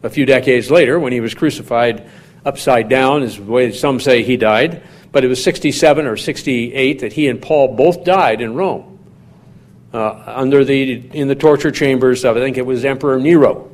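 A man preaching a sermon in a measured, teaching manner, putting questions to his listeners. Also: mid-range voice. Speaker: pastor.

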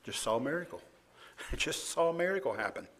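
A man's voice: fairly high pitch, fairly quick. A man preaching a sermon, reading scripture aloud with emphasis and chuckling often. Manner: animated, laughs often, reads verses louder.

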